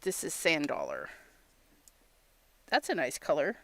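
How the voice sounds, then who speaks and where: Her voice is low and creaky, swinging hugely in pitch as she talks at an unhurried pace. She's hosting a relaxed crafting livestream, laughing often as she tells stories, acts out little quotes, and calls out to viewers by name.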